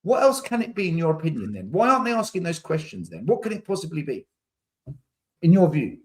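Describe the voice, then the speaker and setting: A man's voice: a little high, wildly swooping pitch, brisk. A man, hosting a podcast, arguing heatedly in casual debate and repeating words when he gets pressed. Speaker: podcast host.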